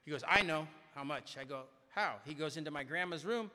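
Middle-aged male speaker, chatty storyteller, bright voice, reverberant hall. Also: fairly high pitch, fairly quick. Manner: conversational storyteller, often asks "right?". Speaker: recovery meeting speaker. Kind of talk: personal story told to a crowd.

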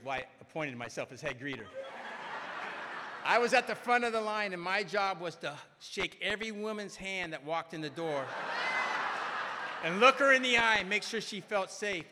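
Speaking in a high voice over a noisy background, a middle-aged man entertains a crowd at a large recovery meeting with a rambling personal story at his own expense. He keeps throwing in "right?", and the hall's reverb is audible.

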